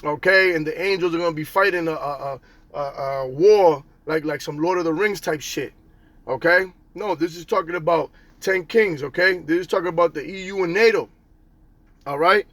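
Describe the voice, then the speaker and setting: A man's voice: fairly high pitch, moderate pace, fairly bright tone, dry recording. A man teaching from the Bible in a casual street style, tagging nearly every line with "okay?" and "all right?", slangy and profane.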